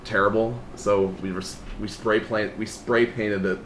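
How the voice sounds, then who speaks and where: A man in a casual group chat, talking relaxed about how his friends made a film prop, with dry quips. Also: lowish voice, normal speed. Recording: faint background noise.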